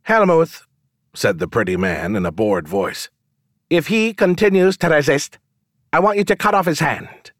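Pretty fop, high and fussy, sneering then groveling as a male narrator puts him on. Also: lively intonation, moderate pace, no echo, studio quality. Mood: bored haughty. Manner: haughty, later stammering and fawning. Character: foppish pretty man, bored then groveling.

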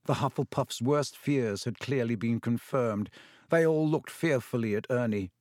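A man reading a novel aloud in an even, measured narration. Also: medium pitch, no echo, studio quality. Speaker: audiobook narrator. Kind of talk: scripted narration.

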